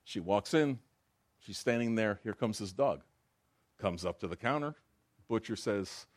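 A man's voice: fairly low pitch, animated, moderate pace, fairly bright tone, no echo, clean studio sound. A man giving informal, conversational Bible teaching, telling jokes along the way. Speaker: preacher.

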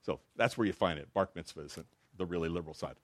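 A man's voice: deep voice, quick pace, no room sound. A man giving informal, conversational Bible teaching, telling jokes along the way. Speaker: preacher.

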